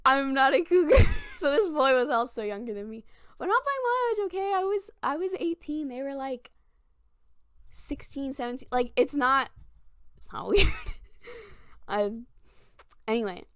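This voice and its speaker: A woman's voice: high voice, animated, normal speed, pauses often, dry recording, studio quality. A woman of twenty-one telling funny stories to camera in a chatty, self-mocking way, full of "like". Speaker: vlogger. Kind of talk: casual storytelling to camera.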